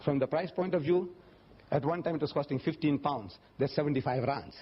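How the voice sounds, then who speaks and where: Animated older male lecturer, husky voice. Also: brisk. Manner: animated storytelling, often jumping up in pitch to act out quoted voices. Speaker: religious lecturer answering audience questions. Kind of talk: public lecture Q&A. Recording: dull lo-fi lecture recording.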